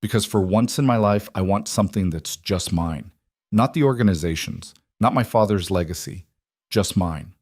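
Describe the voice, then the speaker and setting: A man's voice: low voice, moderate pace, a little mellow, dry recording, studio quality. A man voicing a brooding mafia boss.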